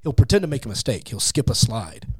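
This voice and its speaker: A man speaking as a guest in a casual interview, animated and acting out quotes in different voices, on a close studio mic. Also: medium pitch, quick pace, breathy edge, no echo. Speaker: podcast guest, atheist comedian.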